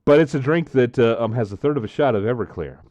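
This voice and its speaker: A man talks casually to the camera as he tastes drinks, rambling and repeating himself, with lots of "uh" and "um" filling his pauses. His voice sits in the mid range and sounds slightly mellow. The recording is dull with no echo.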